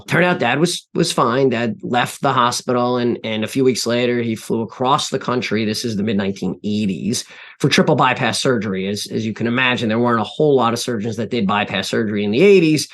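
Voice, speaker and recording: A man in his forties, a podcast guest, telling reflective stories in an earnest way, often pausing and restarting. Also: mid-range voice. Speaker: podcast guest, CEO and author. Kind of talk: interview storytelling.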